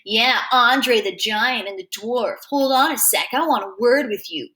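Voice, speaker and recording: Woman doing a sneery teen bully guy, slow and drawn out, kinda bright. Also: a little high. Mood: sneering. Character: menacing teenage male bully, beer-breathed.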